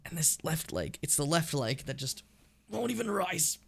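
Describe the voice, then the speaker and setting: A man's voice: on the high side, lively intonation, normal speed, creaky, a bit bright, husky. A man streaming a game, chatting in a loose, rambling, self-deprecating way and swearing freely. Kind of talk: casual live-stream commentary.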